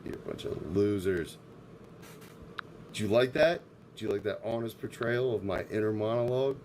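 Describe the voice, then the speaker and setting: A man's voice: on the low side, moderate pace, darkish tone, slight background noise, low-quality recording. A man streaming live, ranting in a profane, abrasive way. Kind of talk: casual livestream rant.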